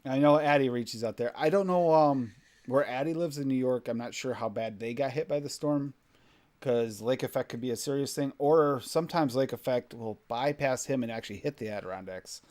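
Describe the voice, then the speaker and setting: An easygoing man from the United States hosts a relaxed podcast conversation. His voice sits at an ordinary middle pitch, and he laughs often and lets his sentences ramble. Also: brisk. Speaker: podcast host. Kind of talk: casual chat.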